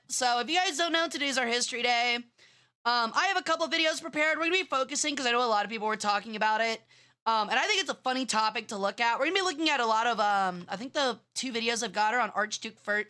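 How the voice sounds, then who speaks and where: Chatting casually on a live stream, a young woman streamer rambles in a bratty tone, swears a lot, and leans on plenty of fillers. Her voice is a little high, bright and forceful.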